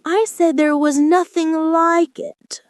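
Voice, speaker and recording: A woman's voice: extremely high pitch, steady tone, slow, no echo, studio quality, voice pushed up. A woman voicing a fretful, fussy old king in a storybook reading. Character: fussy, faint-hearted old male king. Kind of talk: storybook character voice.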